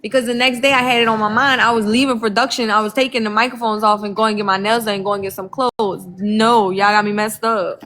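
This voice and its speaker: A woman's voice: medium pitch, steady tone, brisk, hardly any pauses, a bit bright. A woman on a reality show, chatting casually on a livestream in a sassy, emphatic way, addressing viewers directly. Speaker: reality show cast member.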